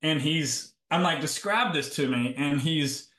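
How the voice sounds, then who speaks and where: A man's voice: on the high side, measured pace, fairly bright tone, echoey room. A middle-aged man, a health coach telling client stories in a casual interview and acting out both sides of each conversation.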